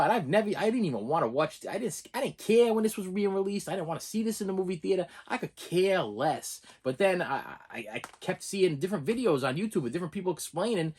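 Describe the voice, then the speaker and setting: Rambling, excitable middle-aged man. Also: high voice, slightly rough. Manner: rambling and excitable, with many repeated words and restarts. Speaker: movie unboxing channel host. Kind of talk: casual unboxing chat.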